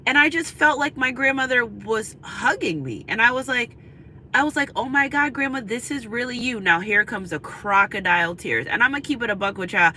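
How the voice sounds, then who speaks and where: Sitting in a car, a tarot reader with a voice on the high side speaks in a bright, forceful tone over slight background noise on a rough recording. Her spiritual reading is chatty and confiding, with frequent check-ins with listeners and repeated "you know what I'm saying."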